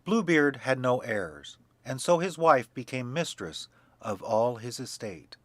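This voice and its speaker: A man narrating a fairy tale for young children in a measured, expressive reading. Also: mid-range voice, no room sound. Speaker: storyteller.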